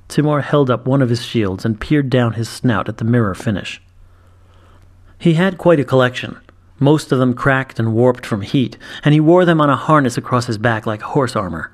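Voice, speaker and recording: A man narrating a fantasy story in a measured, even reading voice. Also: mid-range voice. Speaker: story reader. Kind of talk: scripted narration.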